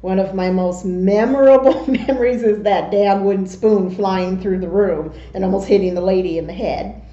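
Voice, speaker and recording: A middle-aged woman vlogger telling casual, animated stories about family memories. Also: medium pitch, roomy sound, muffled recording. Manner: animated, slow and drawn-out when telling stories. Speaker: mukbang vlogger. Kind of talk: casual storytelling.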